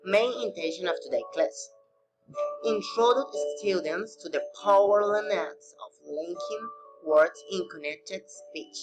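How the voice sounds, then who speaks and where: A man teaching a recorded English pronunciation lesson, reading slowly with non-native phrasing. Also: high-pitched, over music, low-quality recording.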